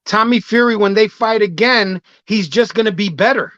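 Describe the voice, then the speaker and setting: A man co-hosting a sports podcast, giving measured, analytical comments in casual talk. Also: high voice, fairly bright tone, no echo, dull audio. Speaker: podcast co-host.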